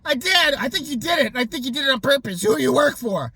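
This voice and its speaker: A man mocking a shrill, paranoid neighbor lady who shrieks high and loud and snaps out accusations. Her voice jumps high and stays there, with a husky edge to it. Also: animated, fairly quick, no room sound, full character voice. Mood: accusing. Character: shrill unhinged middle-aged neighbor woman.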